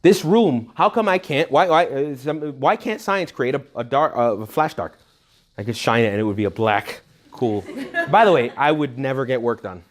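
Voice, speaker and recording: A man, a priest, giving an informal retreat talk to young adults, animated and conversational, full of rhetorical questions, jokes and quick asides. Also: fairly high pitch. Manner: rhetorical questions directed at the audience. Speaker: Catholic priest leading a retreat.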